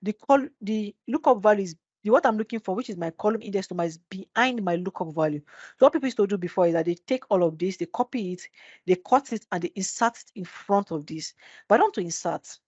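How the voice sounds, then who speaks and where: A woman's voice: medium pitch, fast talker, a little mellow, no room sound. A woman teaching a live spreadsheet tutorial, often posing "which is what?" questions and answering them herself. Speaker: Excel instructor. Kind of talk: live screen-share tutorial. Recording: dull dry webinar audio.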